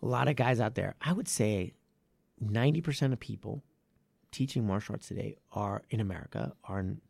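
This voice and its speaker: Guy with a gravelly voice, rambly podcast chat, dry close mic, keeps correcting himself. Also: fairly low pitch, brisk, dry recording. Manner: rambling, self-correcting, animated when making a point. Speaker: martial arts academy owner and podcast host.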